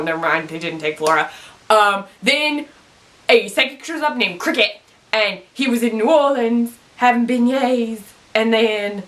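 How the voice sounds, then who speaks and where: A woman vlogging a quick, casual TV episode recap, chatty and excitable with lots of fillers. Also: fairly high pitch.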